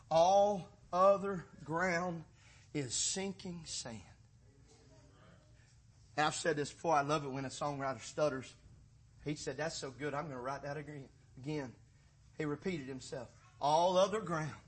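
A man preaching a sermon, moving between quiet, folksy storytelling and loud, rising passages. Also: sits high, slightly rough.

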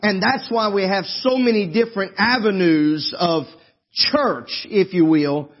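A somewhat high, husky male voice with a drawl, preaching a sermon to his congregation. He is folksy and emphatic and drifts into side stories. The sermon audio sounds dull and lo-fi. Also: unhurried. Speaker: pastor. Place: church service.

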